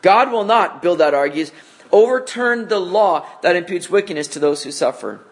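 A man leading a Bible study with a fairly high, light voice. He explains scripture in a relaxed, chatty way and reads passages aloud, checking in with rhetorical questions as he goes. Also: normal speed. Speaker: Bible teacher. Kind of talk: conversational Bible study teaching.

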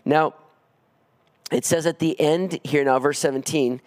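A man preaching an expository sermon, earnest, climbing higher when he presses a point. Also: steady tone, measured pace, darkish tone. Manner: earnest preaching, rising in pitch on emphatic pleas. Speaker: pastor.

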